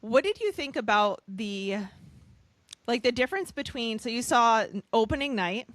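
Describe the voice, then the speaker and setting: A woman's voice: fairly high pitch, lively intonation, normal speed, no room sound. A woman hosting a podcast interview, asking long, rambling questions with enthusiasm. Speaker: podcast host. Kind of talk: conversational interview.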